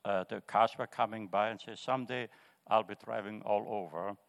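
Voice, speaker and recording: An older man tells his personal testimony, halting and restarting as he goes. His voice sits fairly low, and the room carries a long echo. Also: fairly even intonation, creaky. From Austria. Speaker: congregation member sharing testimony. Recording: reverberant church hall.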